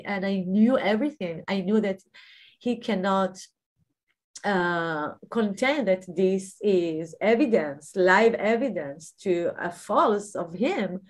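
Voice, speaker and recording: A guest with a mid-range voice shares her testimony of almost dying, stopping and starting as she reaches for words and leaning on many fillers. Key phrases come out swelled with emphasis.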